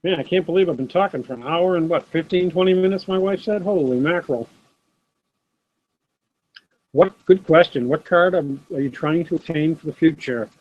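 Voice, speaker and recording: A man's voice: fairly high pitch, normal speed. Chatty middle-aged man, laptop audio. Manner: chatty, answers viewers' comments by name. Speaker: host of a live sports card stream. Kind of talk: casual live-stream chat. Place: home desk. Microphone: laptop built-in camera mic. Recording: dull, dry laptop audio.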